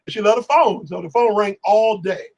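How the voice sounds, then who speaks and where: A man telling animated stories on a live stream, acting out the people he quotes. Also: high-pitched, moderate pace, lo-fi sound. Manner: lively, talks over himself, acts out quotes.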